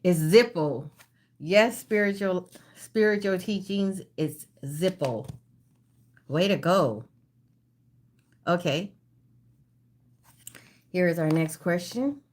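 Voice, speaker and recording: A woman with a fairly low, darkish voice hosts a casual livestream trivia game. She reads every question slowly, repeats it, and greets viewers by name.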